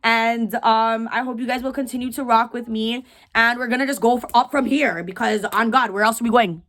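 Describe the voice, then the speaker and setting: A woman's voice: on the high side, fairly even intonation, brisk, a bit bright. Chatty young woman, rambling and slangy. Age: 20s. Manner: rambling, slangy, candid, jokey. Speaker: vlogger, widow. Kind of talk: casual talk to camera. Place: home room.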